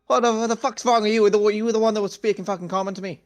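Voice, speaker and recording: A man's voice: high voice, fairly even intonation, voice pushed up. A man voicing a stout, blinged-up halfling man with a Scouse accent, brash and swearing. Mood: indignant. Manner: swearing, brash, quick-tempered.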